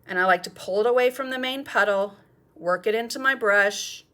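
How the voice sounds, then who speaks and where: A woman's voice: mid-range voice, normal speed, pushed and bright. A middle-aged woman, teaching a live painting demonstration in a chatty, encouraging way and thinking aloud as she paints. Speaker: art teacher.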